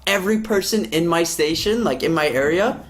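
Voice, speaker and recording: A man's voice: on the high side, fairly quick. A man hosting a podcast, swearing freely as he tells a workplace story in casual chat. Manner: profane, animated storytelling. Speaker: podcast host.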